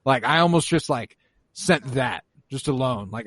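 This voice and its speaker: A young podcast co-host recaps an episode in casual, profane chat, quoting characters in mock voices. His medium-pitched voice is animated and fairly bright, delivered at normal speed with no room sound.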